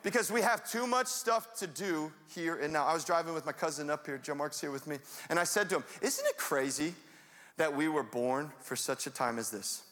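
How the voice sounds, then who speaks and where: A young man preaching a sermon in a lively, conversational way, now and then rising to a shout. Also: on the high side, normal speed. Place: church sanctuary. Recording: long hall reverb.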